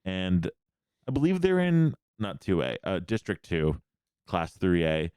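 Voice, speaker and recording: A man hosting a casual sports podcast, quickly rattling off game scores in a rambling way. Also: low-pitched, very animated, a little mellow, clean tone, dry recording. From Pennsylvania. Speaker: host.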